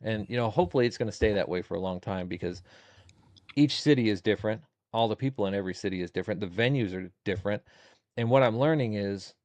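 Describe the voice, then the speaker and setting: A man in his forties speaks in a lowish voice as a guest on a casual podcast. He is plainspoken and repeats phrases while he works out what to say. The sound is dry and close, with no room around it. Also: darkish tone, dry recording. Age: 40s.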